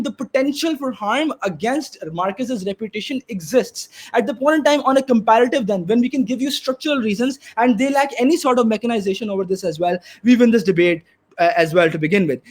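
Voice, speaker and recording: A young man with a notably high voice delivers a competitive debate reply speech. He argues in a heated, emphatic way and lets his frustration out in curses.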